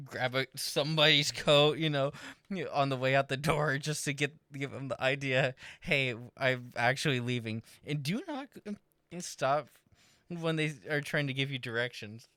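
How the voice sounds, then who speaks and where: A man's voice: medium pitch, sharp tone, no echo, clean studio sound. A man chatting on a podcast, telling family stories and chuckling through his own jokes. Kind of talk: casual chat.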